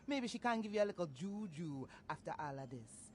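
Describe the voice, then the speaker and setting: A sly old voodoo woman, teasing and mystical in a video game. She speaks slowly and knowingly, with faint noise behind her. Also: fairly low pitch, very animated. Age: older. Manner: sly, knowing, drawn-out delivery.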